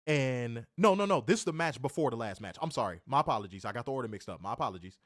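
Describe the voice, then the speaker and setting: A man's voice: medium pitch, animated, fast, no room sound, studio quality. A man hosting a wrestling show, telling a story in a casual, rambling way. He repeats himself, corrects himself and swears.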